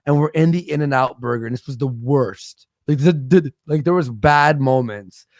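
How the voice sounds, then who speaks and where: A man's voice: medium pitch, moderate pace, darkish tone, dry recording, clean studio sound. A man rambling through profane stories in a casual livestream chat.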